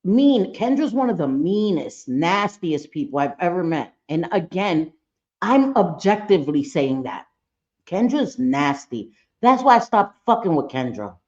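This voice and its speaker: Speaking a little slowly in a lowish, sing-song voice, a woman hosts a live reaction stream, and the recording's highs are cut off. Her casual take on the clip she plays is blunt and full of swearing, with points repeated for emphasis.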